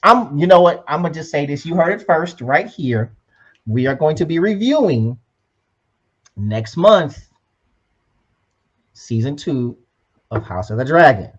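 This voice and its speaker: A man co-hosts a podcast, talking in a slightly raspy, breathy voice. He sounds upbeat and preachy and keeps tagging "right?" onto his points. The audio is muffled and lo-fi. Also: fairly high pitch, sing-song, unhurried, long pauses. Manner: upbeat, preachy, often adds "right?" and "you know what I'm saying". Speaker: podcast co-host. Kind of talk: casual motivational podcast chat.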